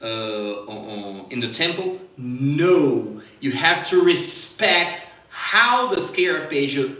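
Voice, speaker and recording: A man's voice: medium pitch, very animated, takes it slowly, pushed and bright, echoey room, recorded from a distance. A man teaching jazz guitar in a live lesson, explaining step by step, stopping to demonstrate on the guitar and checking in with "okay?".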